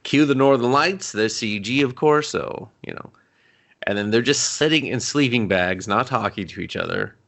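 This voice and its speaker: A man's voice: medium pitch, normal speed, a bit bright. A man co-hosting a movie podcast, retelling scenes in casual chat with mocking voices, swearing and laughing. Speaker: podcast co-host.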